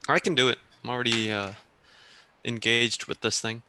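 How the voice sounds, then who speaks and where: A man playing a tabletop game, easygoing and thinking his moves through out loud. His voice is bright and forceful. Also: medium pitch, fairly even intonation, moderate pace, a little hiss or hum. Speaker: player. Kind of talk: casual tabletop game play.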